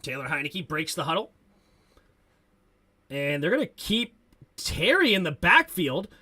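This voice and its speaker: A man hosting a live sports stream, calling plays and reacting excitably to chat comments. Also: on the high side, unhurried, husky. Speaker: host of a sports talk stream. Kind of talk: live play-by-play and fan commentary.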